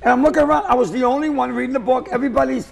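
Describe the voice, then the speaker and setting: A comedian, telling rambling, self-mocking jokes as a talk-show guest. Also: male voice, very high-pitched, steady tone, racing, gravelly. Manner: jokey, digressive, self-mocking. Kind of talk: rambling comic storytelling in an interview.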